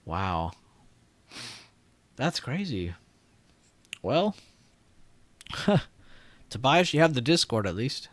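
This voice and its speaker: With a medium pitch, big pitch swings and a fairly bright tone, this young man talks extremely slowly with long pauses in a dry recording. He hosts a live trading stream, chatting casually, reading comments and laughing a lot.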